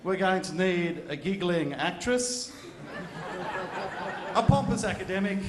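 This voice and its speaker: Playful male emcee working a live room, high-ish voice, roomy sound. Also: expressive, a little slow, crowd noise. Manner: playful, teasing, bantering with guests. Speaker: event host. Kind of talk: emceeing a live audience show. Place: event function room. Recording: echoey event hall.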